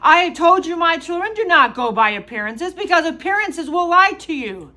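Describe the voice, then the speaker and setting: In a very high-pitched, expressive voice with a bright, forceful tone, a woman proclaims prophecy as though she were God. She draws out emphatic declarations and keeps posing rhetorical questions.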